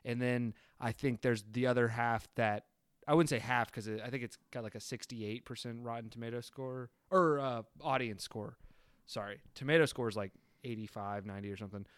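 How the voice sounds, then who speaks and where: An animated man co-hosting a casual film podcast, ranting with a loose, sweary delivery. His voice is smooth and clear, recorded dry and close with no room sound. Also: mid-range voice, brisk, no room sound. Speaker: podcast co-host.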